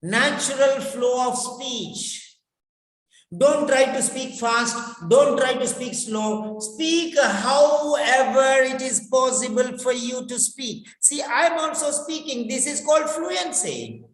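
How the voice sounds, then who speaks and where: Slow, repetitive teacher in an echoey hall. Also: high-pitched, expressive. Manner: repeats key phrases slowly for emphasis; instructive, addresses students directly. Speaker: spoken English teacher. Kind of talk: classroom lecture on speaking. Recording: echoey hall with long reverb.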